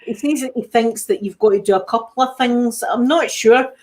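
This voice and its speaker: A woman's voice: fairly high pitch, normal speed, darkish tone. Chatty Scottish woman telling stories. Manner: chatty storyteller who acts out the voices in her stories. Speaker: channel host. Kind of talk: casual live chat.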